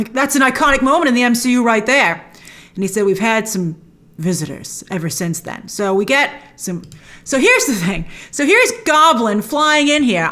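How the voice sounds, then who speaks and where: A woman hosting a trailer breakdown, chatty and opinionated, with excited asides. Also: fairly high pitch. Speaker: host.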